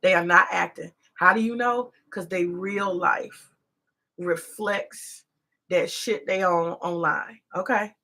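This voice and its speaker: Gravelly, bright-voiced woman ranting. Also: fairly low pitch, fairly even intonation, slow. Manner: emphatic, repetitive, asks rhetorical questions. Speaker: commentary host. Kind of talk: rambling profane commentary.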